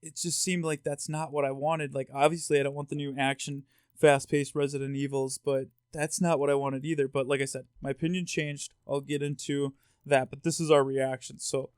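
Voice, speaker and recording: A man co-hosting a podcast, telling stories in an animated, rambling way with many restarts. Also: mid-range voice, brisk, clear, resonant tone, no echo, clean studio sound. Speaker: podcast co-host. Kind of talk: casual podcast chat.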